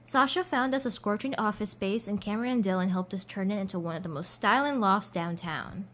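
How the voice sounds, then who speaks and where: A woman's voice: medium pitch, brisk, fairly bright tone. A young woman reading a children's storybook aloud in a casual way, with slips and restarts. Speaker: doll collector reading a storybook.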